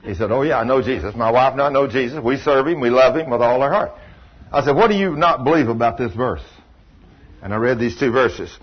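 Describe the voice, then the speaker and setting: This pastor has a medium-pitched voice with big swings in pitch, a fairly quick pace, long pauses and a breathy edge. He preaches a sermon in a folksy way, telling stories and acting out the dialogue of the people in them. The recording is dull and lo-fi, with faint hiss.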